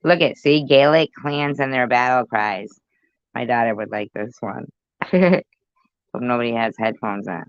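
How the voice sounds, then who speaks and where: A middle-aged woman rambles through reaction commentary, swearing freely and joking as she goes. She talks slowly and unhurriedly, in a dry, dull, lo-fi recording. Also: very deep voice, steady tone, no echo. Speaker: video commentator. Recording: dull lo-fi sound.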